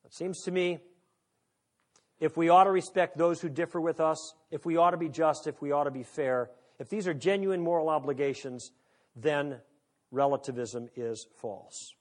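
A man's voice: on the high side, steady tone, moderate pace. A man lecturing to an audience in a conversational, humorous way, full of rhetorical questions. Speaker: speaker on moral philosophy.

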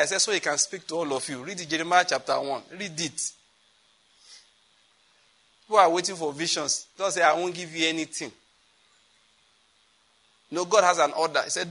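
A preacher delivers an animated sermon, acting out little exchanges as he goes. His voice sits a little high and rings bright and forceful. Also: moderate pace, long pauses. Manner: animated, laughing, acting out dialogue.

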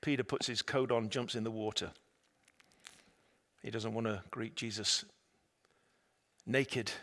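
A man preaching a sermon, retelling a story dramatically and swinging between loud, emphatic lines and hushed, quiet ones. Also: lowish voice, fairly even intonation, unhurried. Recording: long reverb of a large hall.

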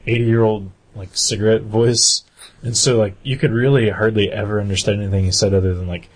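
A man's voice: fairly low pitch, steady tone, a little fast, husky. A man co-hosting a casual podcast, telling a rambling story with frequent laughter. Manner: rambling storyteller, laughs often, acts out quotes. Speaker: podcast co-host. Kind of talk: casual chat.

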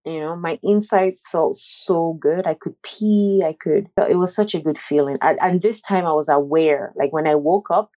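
Young woman, lower-pitched, candid first-person testimony, halting and conversational, slightly muffled lo-fi sound. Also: dark tone. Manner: halting, conversational, many "like" fillers and restarts. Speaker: interviewee sharing a personal story.

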